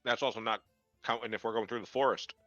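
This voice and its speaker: A man's voice: fairly low pitch, steady tone, fast talker, bright, forceful tone, no echo, dull audio, faint music behind. A man playing a tabletop game who thinks aloud tentatively in casual table talk. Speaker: player.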